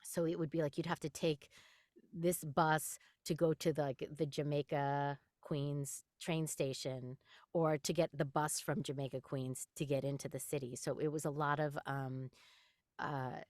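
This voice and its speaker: Animated low-voiced woman voice actress. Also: a little slow, no echo, studio quality. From New York. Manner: animated storyteller, laughs often, acts out quotes. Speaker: voice actress guest. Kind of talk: casual interview chat.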